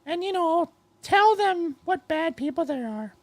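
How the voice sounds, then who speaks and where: Rich, brash high-voiced woman hosting a podcast. Her crude joking is heard up close on a dry mic. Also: lively intonation, a little slow, dry recording. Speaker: podcast host. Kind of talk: casual chat, reading show notes.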